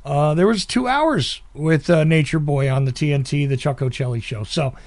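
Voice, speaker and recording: A man's voice: a little high, moderate pace, a little mellow. A man hosting a casual call-in podcast, chatty and laughing often between his fillers. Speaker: podcast host.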